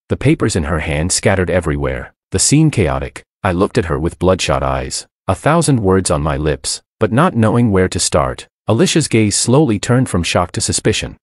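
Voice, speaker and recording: A man narrates a first-person story in a somber, bitter tone. His voice is very deep yet moves through a wide pitch range. The recording is dry with no room sound. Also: sing-song, fairly quick, few pauses, darkish tone, no echo.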